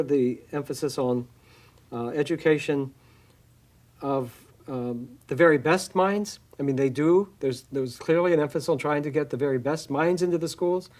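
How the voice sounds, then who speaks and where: Minister type, male, slightly high voice, thoughtful, stop-start delivery full of restarts. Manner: halting, frequent restarts and fillers. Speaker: church minister. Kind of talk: reflective interview answer.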